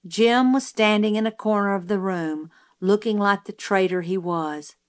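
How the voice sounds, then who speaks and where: A woman of medium pitch reads a novel aloud for an audiobook, telling the story at a measured pace.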